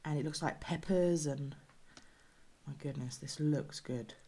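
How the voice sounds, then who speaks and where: A British woman casually reviews rations on her channel, chatty and exclaiming over the food, now and then dropping to a near-whisper. Her voice is low and mellow, and she speaks a little slowly.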